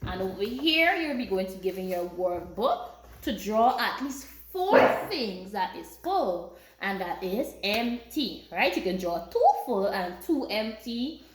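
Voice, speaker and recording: A woman's voice: medium pitch, sing-song, measured pace. A woman teaching a lesson to young schoolchildren, speaking in a sing-song, encouraging way and often checking in with "right?". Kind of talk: classroom teaching to young children. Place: classroom. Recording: very echoey room with faint noise.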